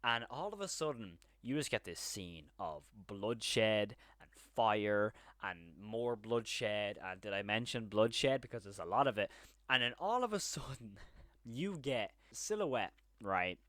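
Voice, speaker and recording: A man's voice: lowish voice, lively intonation, unhurried, a bit bright, no echo, clean studio sound. A man giving a casual, enthusiastic and rambling review of a TV series, now and then acting out lines from the scenes. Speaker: show reviewer.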